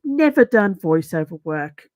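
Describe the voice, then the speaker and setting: Chatting on her channel's livestream, a middle-aged Brummie woman from England jokes at her own expense in a relaxed way. Her fairly low, darkish voice moves a little slowly with big pitch swings, and the recording has no room sound.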